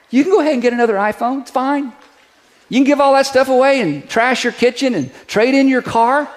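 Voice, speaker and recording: A middle-aged man with a fairly high voice preaches in a loose, conversational way. He jokes with his listeners, stacks rhetorical questions one after another, and coaxes them into saying a declaration together. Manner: leads the congregation in a spoken declaration. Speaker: pastor. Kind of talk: sermon.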